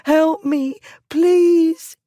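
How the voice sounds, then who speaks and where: A woman reading an audiobook voices a frightened young schoolgirl, pitched high, breathless and close to tears. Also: lively intonation, a little slow, a little mellow, no room sound. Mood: sobbing. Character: frightened young orphan schoolgirl, tearful and pleading. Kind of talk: audiobook character voice.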